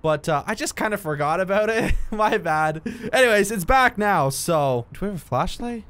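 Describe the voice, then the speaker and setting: Slight background noise sits under a young man's voice, which is on the high side. He's a gaming video creator giving jokey let's-play commentary, talking to himself and breaking into yelps and shouts at the game.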